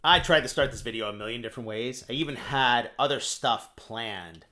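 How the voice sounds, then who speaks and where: A man giving a casual, blunt explainer monologue on finance, animated and occasionally swearing. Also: mid-range voice, normal speed. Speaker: finance commentator.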